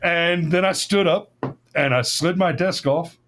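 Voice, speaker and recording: A podcast host with a high voice talks a little slowly, telling a long, casual story on a talk show. He rambles and swears, repeating words and constantly restarting and correcting himself.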